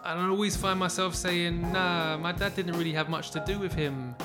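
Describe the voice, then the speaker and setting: A man with a fairly high voice opens a podcast with a scripted introduction. He reads clearly and evenly while drum-driven music plays plainly beneath him. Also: steady tone, moderate pace. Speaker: podcast host. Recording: music bed under voice. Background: music with drums.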